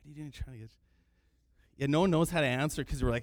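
A man preaching a sermon in an animated way, sometimes raising his voice to act out the people in his story. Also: fairly high pitch, fast talker, pauses often. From Canada. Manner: animated preaching, acting out quoted cries loudly. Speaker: pastor.

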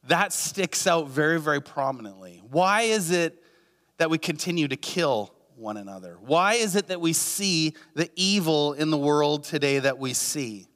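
Man, pastor, sermon, slightly high voice, earnest, rhetorical questions, long hall reverb. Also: expressive, normal speed, fairly bright tone. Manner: earnest, uses many rhetorical questions and repetition.

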